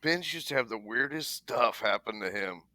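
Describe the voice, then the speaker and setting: A man's voice: medium pitch, lively intonation, moderate pace, bright, forceful tone, no room sound, clean studio sound. A man co-hosting a podcast, chiming in and laughing at his partner's stories in casual chat. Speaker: podcast co-host.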